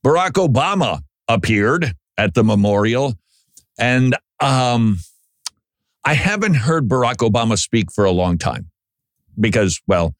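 A man's voice: mid-range voice, big pitch swings, measured pace, no echo, studio quality. A man hosting a commentary show, talking straight at listeners in an emphatic, sarcastic way and stumbling over his words when he reacts. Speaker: commentary host. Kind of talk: political commentary monologue.

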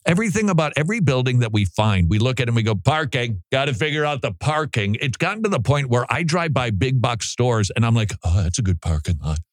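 A man's voice: medium pitch, lively intonation, fast talker, few pauses, no echo, studio quality. A man hosting a radio show, talking in a chatty, joking way and laughing often. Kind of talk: casual radio monologue. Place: radio studio. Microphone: studio microphone.

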